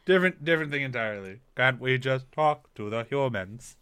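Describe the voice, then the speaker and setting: A man co-hosting a casual movie chat podcast, animated and quick to laugh as he riffs. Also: mid-range voice, clear, resonant tone. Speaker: podcast co-host.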